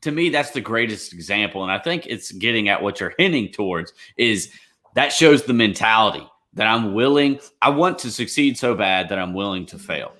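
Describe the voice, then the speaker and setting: Man, sports panelist, casual chat, emphatic, bright tone. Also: on the low side, animated, normal speed.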